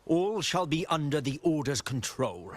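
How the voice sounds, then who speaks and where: An actor playing a fanatical male acolyte of a church order in a video game, issuing slow, ominous threats. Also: on the high side, big pitch swings. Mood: menacing.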